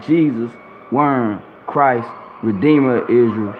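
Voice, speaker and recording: A man reads Bible verses and preaches profanely, dropping to low murmurs and rising to loud outbursts. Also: measured pace. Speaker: self-styled preacher. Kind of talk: reading and preaching scripture to camera. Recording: tinny phone-like audio with faint background hum.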